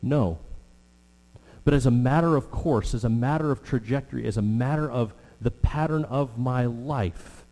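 A middle-aged man preaching a sermon with earnest, drawn-out emphasis and frequent fillers. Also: medium pitch, mellow. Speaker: pastor. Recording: long hall reverb with mains hum.

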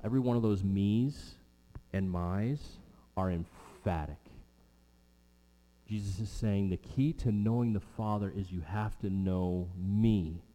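A man's voice: fairly low pitch, slow, warm tone. Man preaching a sermon in a reverberant hall. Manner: emphatic expository preaching, repeats key lines.

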